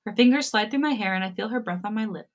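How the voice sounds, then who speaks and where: A woman reading a romantic fan story aloud in the first person, in a gentle, soft, intimate way. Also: mid-range voice, fast. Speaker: podcast story reader.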